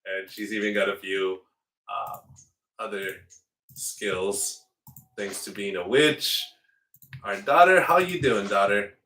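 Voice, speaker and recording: A man's voice: on the low side, takes it slowly, long pauses, sharp tone, recorded from a distance. A man hosting a strategy game playthrough in casual commentary, slipping into playful mock outrage as his ruler. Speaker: let's play host. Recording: roomy echo, away from the mic.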